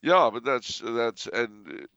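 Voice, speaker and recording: A man's voice: medium pitch, expressive, slow pace, bright, forceful tone, clean tone, no room sound, muffled recording. A man chatting casually, spinning stories with chuckles and a playful edge. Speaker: regular guest answering questions. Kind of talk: casual chat.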